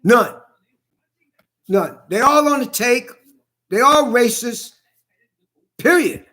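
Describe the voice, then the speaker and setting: A man's voice: very high voice, animated, slow, bright, forceful tone. A middle-aged man in a blunt, profane ranting monologue who hammers the same points again and again.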